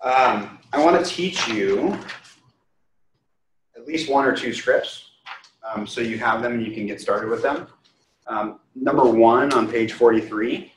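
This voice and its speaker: Energetic male trainer in an echoey room. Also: medium pitch, unhurried. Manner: energetic, coaxing, asks the room questions. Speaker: real estate trainer. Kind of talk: classroom training talk. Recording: echoey room from far off, faint hiss.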